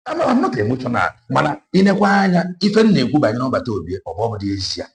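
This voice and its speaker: A man's voice: medium pitch, wildly swooping pitch, very fast, creaky. A man with a Nigerian Igbo accent giving an impassioned political monologue, moving between Igbo and English with emphatic repetition. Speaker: online political commentator.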